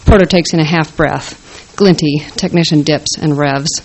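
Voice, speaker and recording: A woman's voice: sits low, normal speed, darkish tone, low-quality recording. A woman reading her first-person story aloud with a wry, dry delivery.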